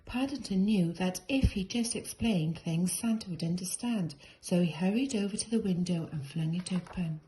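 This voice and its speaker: Mellow woman reading a storybook aloud. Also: on the low side, normal speed, few pauses, low-quality recording. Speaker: reader.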